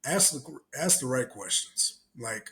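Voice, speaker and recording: A man co-hosting a casual podcast, talking in a profane, animated way and laughing often. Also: medium pitch, a little slow. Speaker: podcast co-host.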